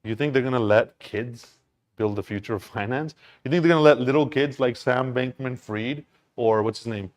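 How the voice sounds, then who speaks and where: Brief: intense man lecturing on markets, swears freely, voice climbs to near-shouts. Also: mid-range voice, normal speed. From Canada. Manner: emphatic, profane, rising to near-shouts. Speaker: crypto speaker. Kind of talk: animated talk to an audience.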